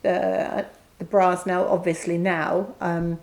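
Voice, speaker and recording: A woman's voice: lowish voice, flat delivery, slow pace, creaky, darkish tone. A middle-aged woman, co-hosting a casual chat and telling a personal story candidly, acting out the voices of people she quotes. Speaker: co-host.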